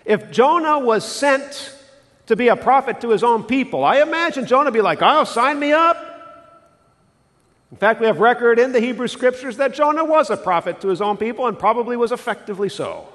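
A male pastor preaching a sermon in an animated way, putting questions to the congregation. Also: extremely high pitch, fairly quick, big-room sound. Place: church sanctuary.

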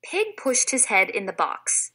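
A woman reading a children's storybook aloud in a clear, expressive way, like a teacher. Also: fairly high pitch, unhurried.

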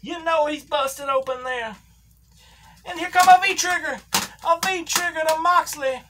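A woman with a high, fairly bright voice, speaking unhurriedly, plays a folksy older Southern male wrestling commentator. In a thick put-on drawl with country grammar, she calls a toy figure match with excited ringside energy for comic effect.

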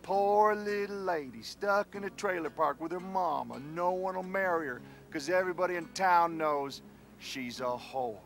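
An actor playing a dry, sarcastic fiancé on a road trip who bursts into yelling. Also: male voice, high-pitched, normal speed, creaky. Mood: bitter. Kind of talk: comedy sketch acting.

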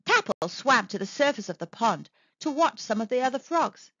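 A woman reading a picture book aloud to young children in an expressive storytelling manner. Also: fairly high pitch, normal speed, dry recording. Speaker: storybook reader. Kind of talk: children's read-aloud narration. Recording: dry, slightly dull recording.

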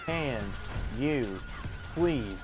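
A man's voice: a little high, animated, very slow. Swearing, frustrated gamer man over game music. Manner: frustrated, swearing, yelling at enemies. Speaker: gameplay streamer. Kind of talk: live gameplay commentary.

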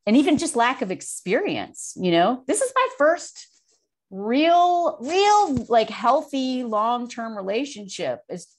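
A woman's voice: a little high, very animated, slow. Candid, laughing woman in her forties. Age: 40s. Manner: frank and profane, laughing easily. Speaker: guest. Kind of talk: candid casual chat.

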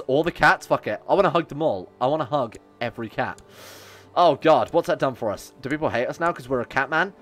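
A man's voice: mid-range voice, a little fast, soft background music. A man streaming a strategy game live, joking around, swearing and talking to his chat. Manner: animated, jokey, swears, talks to chat. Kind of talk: live gameplay commentary.

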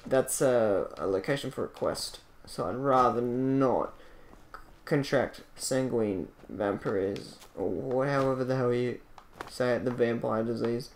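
A man casually commentating his gameplay into a desk microphone, excitable and jokey with loud bursts. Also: mid-range voice, measured pace, a little hiss or hum. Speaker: gaming channel host.

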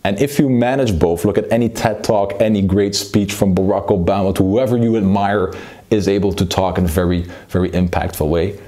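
A man teaching public speaking, moving between a slow low delivery and a fast excited one to show the difference. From Belgium. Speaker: speaking coach. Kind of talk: public speaking lesson with demonstration.

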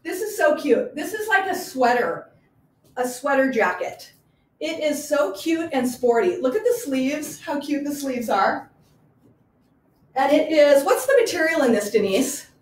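A woman's voice: sits high, lively intonation, a little slow. A woman who runs a small garage boutique, chatting enthusiastically as she presents clothes in a live online showcase. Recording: echoey room.

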